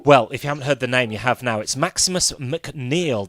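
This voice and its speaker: A man's voice: medium pitch, normal speed, a bit bright. A man hosting a breakfast show interview, upbeat and chatty. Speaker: show host.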